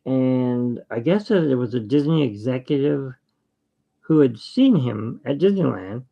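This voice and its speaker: Brief: man, very gravelly voice, slow rambling jokey chat, muffled lo-fi sound. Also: mid-range voice, expressive. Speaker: artist and channel host. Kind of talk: casual chat while drawing.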